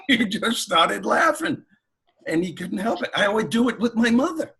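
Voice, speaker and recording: A man who is a comedian and motivational speaker, telling anecdotes as a guest in an interview in an animated way. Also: sits high, measured pace, creaky, breathy edge. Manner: animated, anecdotal, laughs while telling stories. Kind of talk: storytelling in an interview.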